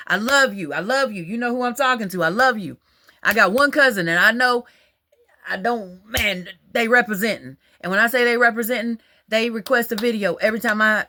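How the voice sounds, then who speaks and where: Rambling woman in a casual monologue. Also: a little high. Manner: rambling, animated, colloquial. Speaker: religious vlogger.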